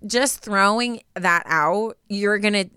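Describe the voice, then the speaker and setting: Young woman, podcast co-host, casual advice chat, lots of fillers, very clear voice, dry sound. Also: medium pitch, slow pace, pushed and bright, no echo. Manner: chatty, full of "like" fillers.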